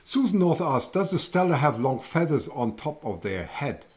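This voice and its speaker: A man's voice: fairly high pitch, very animated, normal speed. A man with a German accent, hosting a casual livestream, chatting and rambling and reading out viewer comments. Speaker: livestream host.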